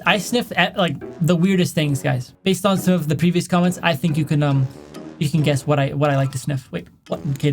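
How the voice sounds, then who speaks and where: A young man making a casual reaction vlog, chatty and animated, often calling his viewers "guys.". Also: high voice, creaky. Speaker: YouTuber reacting to sound clips.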